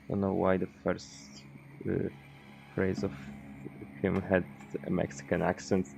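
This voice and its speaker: A man's voice: sits low, little pitch movement, measured pace, creaky, pauses often, darkish tone, muffled recording, a little hiss or hum. A man streaming a game and chatting casually, rambling, correcting himself and swearing offhand. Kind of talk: casual gameplay commentary.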